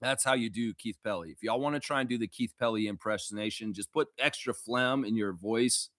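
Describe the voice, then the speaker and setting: A man from Canada hosting a casual fan live stream, reading viewer comments aloud and reacting loudly, with a lot of swearing. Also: lowish voice, brisk, no room sound, clean studio sound. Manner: loud, animated, swears freely, reads viewer comments aloud.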